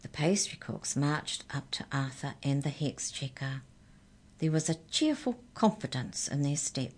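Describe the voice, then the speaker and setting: A woman reads a children's story aloud in a low, gentle voice. Her narration is expressive and measured, made to carry a young listener through the tale. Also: slightly rough.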